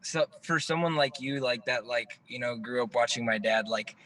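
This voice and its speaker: A man's voice: mid-range voice, moderate pace, bright, forceful tone. A young man chatting as a guest on a video call, laid-back and enthusiastic, with lots of fillers. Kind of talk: casual chat. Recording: distant video-call audio with faint noise.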